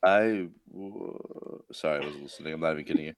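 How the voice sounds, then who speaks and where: Brief: male co-host, very low voice, rapid speech, dry close sound. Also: no echo. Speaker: podcast co-host. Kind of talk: casual podcast interview.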